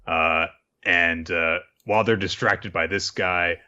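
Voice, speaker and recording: A man's voice: low voice, slow, dull audio. A man co-hosting a casual podcast recap, acting out scenes and swearing freely. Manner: animated, acts out scenes, swears. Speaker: podcast co-host.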